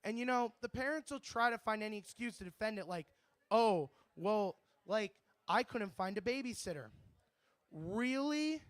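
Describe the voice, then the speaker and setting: A young man with a high, smooth voice, riffing through a brash stand-up routine that rambles and swears freely. The sound is dry and close, with almost no room echo. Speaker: stand-up comedian. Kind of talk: stand-up comedy set. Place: bar open-mic stage.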